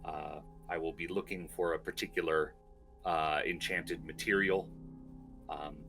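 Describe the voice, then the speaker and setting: A cautious adventurer murmurs in a deep, low voice, as a man plays him. His tone is bright and clear, and he speaks quietly with halting pauses, as if under his breath. It is a character in a tabletop game. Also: fairly even intonation, faint music behind, heavily acted. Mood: hushed. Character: soft-spoken cautious male adventurer.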